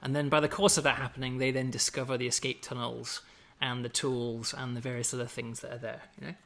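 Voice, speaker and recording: A man's voice: mid-range voice, level tone, a little fast, creaky, a bit bright. An English man casually walking through a game update, chatty and explanatory, with lots of "you know" and "right?". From England. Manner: fond of British slang. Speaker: game developer. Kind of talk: casual gameplay walkthrough.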